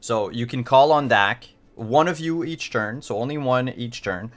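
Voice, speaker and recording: A man's voice: mid-range voice, measured pace. A man acting as game master, narrating and explaining rules in a casual, explanatory way with frequent fillers.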